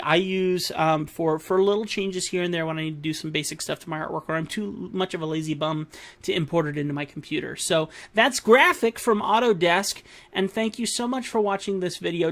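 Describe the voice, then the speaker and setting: Male art-channel host, high voice, casual rambling delivery full of fillers. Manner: friendly, rambling, many fillers and restarts. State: hiccups. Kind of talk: casual tutorial wrap-up.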